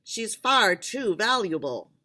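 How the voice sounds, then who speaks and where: A woman's voice: medium pitch, big pitch swings, slow, sharp tone, pitched above the performer's own voice, heavily acted. A woman voicing a reproachful male member of a secret board.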